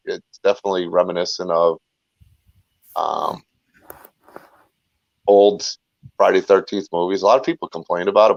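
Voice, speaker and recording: A filmmaker and YouTuber appears as a guest in a casual chat, talking a lot in a low voice with vocal fry. He rambles and often restarts his sentences, and the recording is dry with a dull lo-fi sound.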